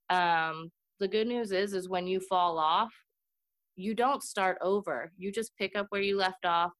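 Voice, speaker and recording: Woman guest in her thirties, earnest, reflective, slightly low, bright, dry close sound. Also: no room sound. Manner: earnest and reflective, laughs easily. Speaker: podcast guest. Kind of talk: candid interview chat.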